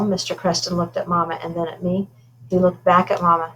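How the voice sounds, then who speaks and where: A woman reads a first-person children's novel aloud in an informal, unpolished way. She trips over words now and then and adds asides about her own slips. Her voice sits fairly low for a woman. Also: level tone, a little fast, a bit bright, a little hiss or hum, poor audio. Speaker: reader.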